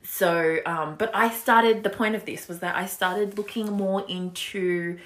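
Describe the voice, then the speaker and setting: A woman's voice: mid-range voice, steady tone, measured pace. Chatty woman, laughing often. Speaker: podcast co-host. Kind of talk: casual chat.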